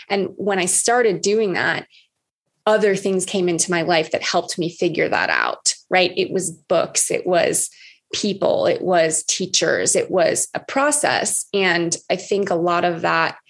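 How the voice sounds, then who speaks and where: A woman's voice: on the low side, takes it slowly. A woman coach in a candid conversation who swears freely and acts out her own past words. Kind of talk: casual conversation.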